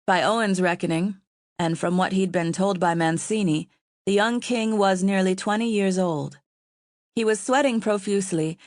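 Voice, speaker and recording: A woman reading an audiobook aloud in a steady, even way. Her voice sits on the low side, and the recording is dry and close. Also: dry recording. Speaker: audiobook narrator. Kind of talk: scripted audiobook narration.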